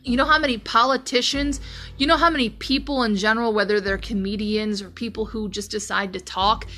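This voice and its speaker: A woman with a fairly high, bright, sharp voice hosts a news commentary podcast. She reads the stories aloud and then launches into heated rants full of swearing. Faint music sits low underneath her. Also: fairly even intonation, a little fast. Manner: profane, heated ranting. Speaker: podcast host.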